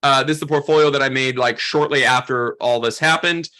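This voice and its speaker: A man teaching a photography workshop, telling a story in an animated, chatty way full of "like" and "um". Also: mid-range voice, fairly quick. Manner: animated, chatty, heavy use of "like" and "um". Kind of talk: storytelling lesson to a class.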